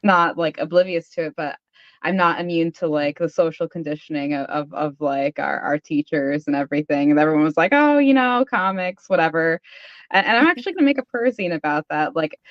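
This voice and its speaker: A woman's voice: low voice, a little fast, dry recording, lo-fi sound. A woman, a comic creator guest, talking casually and thoughtfully, with many fillers. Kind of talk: casual interview chat.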